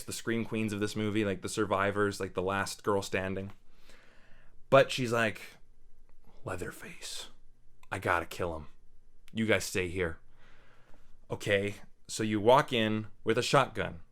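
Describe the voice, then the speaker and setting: A man's voice: lowish voice, a bit bright. A young man reviewing a film in a loose, unscripted way, blunt and opinionated, rambling through his points. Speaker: movie reviewer.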